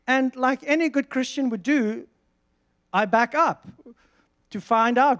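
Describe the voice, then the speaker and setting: A man preaching a sermon, reading verses and telling a lively personal story with frequent restarts. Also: very high voice, a little slow, pauses often. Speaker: pastor.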